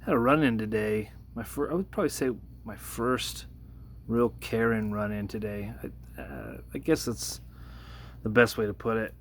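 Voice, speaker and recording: An earnest man with a fairly low voice speaks to his phone camera in a casual vlog. He talks hesitantly, restarting his sentences, and his voice climbs higher when the story gets heated. Faint noise sits under the recording. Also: lively intonation, moderate pace. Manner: earnest, hesitant, many restarts, rises in pitch when retelling the confrontation. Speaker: workplace de-escalator.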